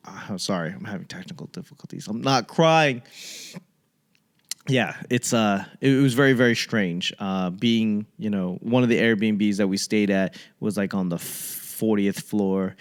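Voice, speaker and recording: Rambling comedian. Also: male voice, lowish voice, fairly even intonation, normal speed, few pauses. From Boston. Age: young adult. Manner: digressive, joking, puts on mocking voices. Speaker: comedian podcast host.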